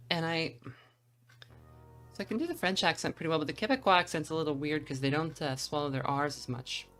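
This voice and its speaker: A young woman rambles through her game commentary in a lowish, easygoing voice, thinking aloud with plenty of ums. Faint music hums underneath. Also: normal speed, long pauses. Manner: rambling, relaxed, with fillers. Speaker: streamer narrating a playthrough.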